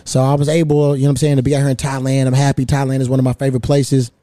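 A man in his thirties hosting a casual podcast, telling a story in a lively, profane way. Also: mid-range voice, rapid-fire, crowd noise. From United States. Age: 30s. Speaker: podcast host.

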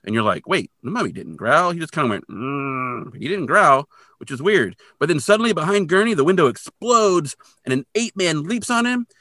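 A man co-hosting a casual podcast, walking through a TV episode scene by scene. His voice rises and falls a lot, with a bright edge. The sound is dry and close. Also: fairly high pitch, no room sound. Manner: animated retelling with quoted voices. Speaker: podcast co-host recapping a TV episode. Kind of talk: casual chat.

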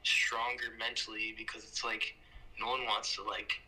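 Man, casual podcast chat, laid-back, casual swearing, monotone delivery, very bright tense tone. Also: fairly low pitch, normal speed, poor audio.

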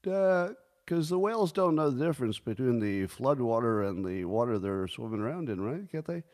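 A man's voice: medium pitch, moderate pace. Sarcastic man musing solo on the news. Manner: sarcastic, deadpan joking with sudden mock outbursts. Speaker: podcast host. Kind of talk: casual solo commentary.

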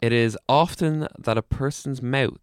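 A man's voice: mid-range voice, measured pace, clear, resonant tone. A male podcast co-host chatting casually and hesitantly. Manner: hesitant, with many fillers. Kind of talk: casual chat.

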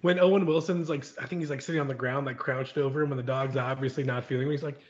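A man guest-hosting a podcast, chatting in an animated way and laughing easily. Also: mid-range voice, rapid-fire. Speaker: guest host. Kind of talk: casual chat. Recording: dull lo-fi audio.

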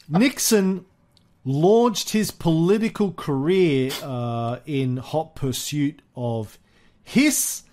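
A man hosting a history podcast, walking through the story in a loose, chatty way. He laughs easily and fills his pauses with plenty of "uh"s. His voice sits a little on the high side. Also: darkish tone. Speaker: podcast host. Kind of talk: casual history podcast chat.

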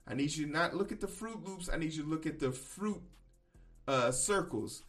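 A man hosting a podcast, giving blunt, profane opinion commentary in casual speech, with loud emphatic bursts. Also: fairly high pitch, animated, moderate pace, soft background music. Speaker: podcast host.

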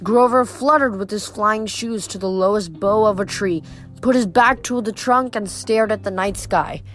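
A woman's voice: mid-range voice, normal speed, a bit bright, soft background music. A woman reading a novel aloud to her channel, chatty and full of fillers in her asides between chapters. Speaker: audiobook reader.

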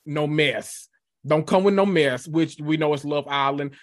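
A laid-back podcast guest with a mid-pitched voice, recorded dry and close. The talk is slangy and playful, full of laughter. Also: unhurried, no room sound. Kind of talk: casual chat.

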